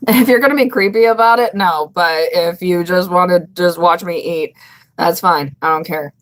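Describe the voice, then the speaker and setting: A woman's voice: on the low side, normal speed. A young woman hosting a casual live stream, chatting bluntly with viewers, swearing freely and laughing often.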